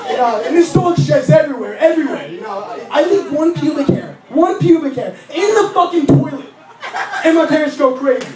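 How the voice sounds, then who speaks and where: A man's voice: very high-pitched, animated, fairly quick, a crowd in the background. A young man doing a stand-up comedy set, ranting crudely and in exasperation. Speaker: stand-up comic. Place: comedy lounge. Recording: echoey club, distant mic, audience laughter.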